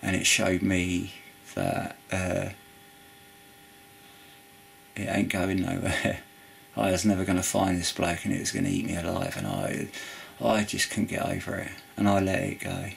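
Low, gravelly and unhurried, this man's voice carries slight background noise. As a Christian video preacher, he offers an earnest, rambling testimony about forgiveness in informal preaching, with many restarts, asides and repeated "you know".

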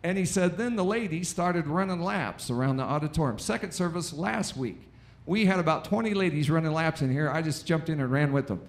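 An American man preaching a lively sermon in a church, with call-and-response and acted-out quotes. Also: on the high side, fairly quick. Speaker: pastor. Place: church auditorium.

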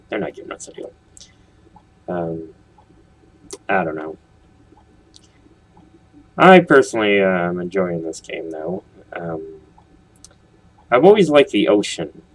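A man's voice: sits low, dry recording, low-quality recording. A man hosting a casual let's play, rambling and joking as he talks straight to his viewers. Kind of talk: casual gameplay commentary.

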